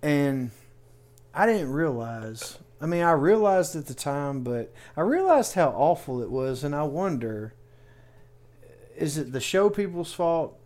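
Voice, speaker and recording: A man's voice: on the high side, big pitch swings, unhurried, a little mellow. A man co-hosting a podcast in casual chat, rambling and self-deprecating as he talks. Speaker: podcast co-host.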